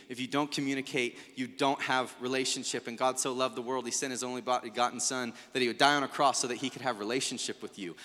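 A man's voice: mid-range voice, sharp tone, long reverb tail. A man preaching to a room of people in a loose, conversational way, acting out the voices he quotes. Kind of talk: conversational sermon to a live room. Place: large room with a congregation.

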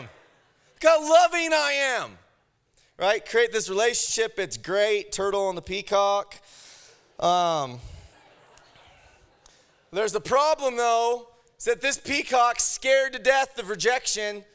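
A male preacher with a high voice tells a personal story from the pulpit. He talks in an animated way and swings from shouting to hushed lines. The delivery sounds like a live sermon. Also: clear, resonant tone.

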